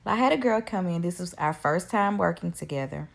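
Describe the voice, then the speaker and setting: A woman who provides post-op care, retelling an incident in an animated way with quoted dialogue. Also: fairly low pitch, fairly quick, gravelly. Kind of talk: storytelling in a clip.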